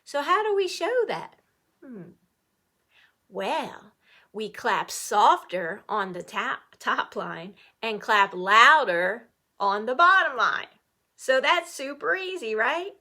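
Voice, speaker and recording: A middle-aged woman teaching an online music lesson to children, playful and animated, cheering the class on. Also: a little high, takes it slowly.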